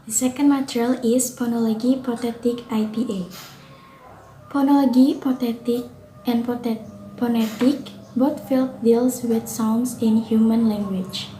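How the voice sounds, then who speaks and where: A woman's voice: on the high side, steady tone, a little slow, mellow. A young woman student with an Indonesian accent, earnestly reading a prepared class reflection, with occasional slips and self-corrections. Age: young adult. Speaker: student presenter. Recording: roomy, with faint noise.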